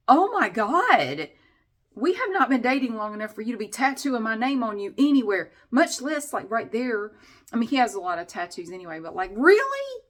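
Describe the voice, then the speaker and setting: A middle-aged woman talks to her camera at home in a loose, rambling vlog. She is candid, drops the odd mild swear word, and her pitch sits right in the middle for a woman. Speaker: vlogger. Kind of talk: casual chat to camera. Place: at home, indoors.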